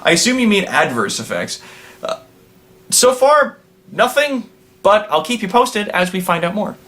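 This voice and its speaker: A man's voice: high voice, sing-song, a little slow, sharp tone. A man hosting a comedic vlog in a supervillain persona, answering viewer questions in a casual, rambling way with playful villain bravado.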